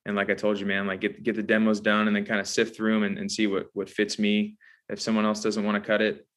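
A man's voice: on the low side, completely flat delivery, quick pace, fairly bright tone. A man from Southern California, a songwriter guest, talking easygoing with many fillers. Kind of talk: casual interview chat.

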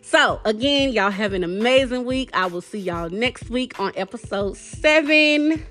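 A woman's voice: on the high side, animated, a little slow, a bit bright, soft background music. A woman hosting a self-love podcast, talking in a sassy, direct way and calling listeners baby and girl. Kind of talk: casual podcast talk with affirmations.

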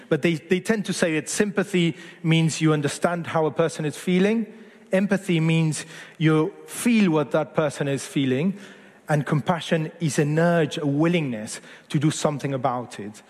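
A man's voice: fairly high pitch, normal speed, darkish tone, big-room sound. A man in his forties from Argentina, preaching a sermon in an earnest, conversational way that often corrects itself mid-phrase. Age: 40s.

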